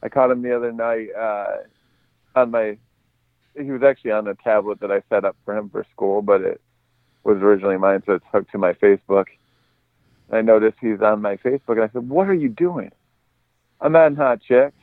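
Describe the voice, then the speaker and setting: A man's voice: fairly low pitch, little pitch movement, brisk, no room sound. A man guest telling laid-back stories on a podcast, hesitant with many fillers, heard over a phone-like line. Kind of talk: casual storytelling.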